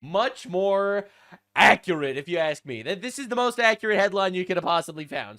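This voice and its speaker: A man's voice: high-pitched, expressive, fairly quick, pushed and bright. A young adult man giving casual online commentary, crude and mocking, rambling with lots of fillers. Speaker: commentary channel host.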